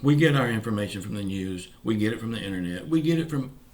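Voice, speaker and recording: Vlog host, male, Southern US accent, low pitch, folksy and plainspoken, some words slurred. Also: expressive, fast talker. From Pensacola, Florida, US. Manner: folksy, earnest, keeps saying y'all. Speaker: channel host. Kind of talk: casual direct-to-camera update.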